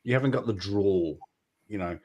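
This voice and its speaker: A man's voice: lowish voice, moderate pace, darkish tone. A man in a casual chat, joking and mimicking others' accents.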